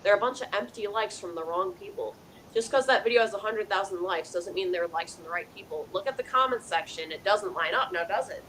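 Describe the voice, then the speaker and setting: A woman's voice: medium pitch, fairly quick, a bit bright, slight background noise, low-quality recording. A woman hosting a live call-in psychic show, earnestly passing on messages from the dead in first person, with a chatty "you know" style. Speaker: psychic medium host.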